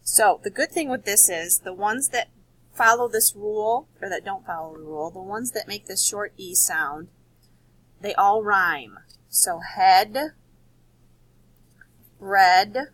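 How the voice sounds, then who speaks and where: A woman teacher giving a recorded spelling lesson to children, patient and explaining slowly, repeating words. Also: mid-range voice, a bit bright, no echo, rough recording.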